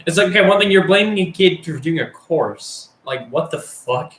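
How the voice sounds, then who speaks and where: A young man's slightly high, expressive, fairly bright voice carries a casual tale from his school years at a moderate pace. Recorded in an echoey room, he rambles, curses, and leans heavily on fillers.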